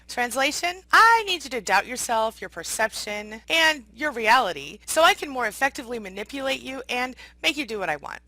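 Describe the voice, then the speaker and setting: A woman's voice: a little high, very animated, fairly quick, few pauses, sharp tone, no room sound, low-quality recording. A woman host giving a casual countdown talk, switching into sarcastic, mock-indignant first-person lines. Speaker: relationship coach and video host.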